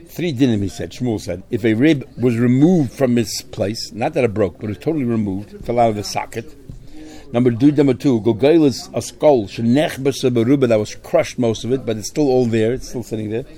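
A man's voice: mid-range voice, warm tone. A man teaching a Talmud lesson, explaining step by step and weaving Aramaic and Hebrew terms into his English. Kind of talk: Talmud study lecture.

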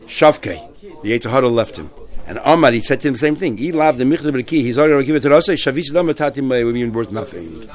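A man teaching a Talmud class, retelling stories in a lively, halting way with many restarts. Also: mid-range voice. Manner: animated storyteller, many restarts and fillers.

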